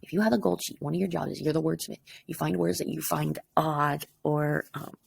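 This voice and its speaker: Woman teacher, recorded lesson, very husky, rambling, tired. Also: sits low, steady tone, brisk. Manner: rambling and casual, checking in with "okay?". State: tired, up before dawn. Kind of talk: recorded lesson explaining an assignment.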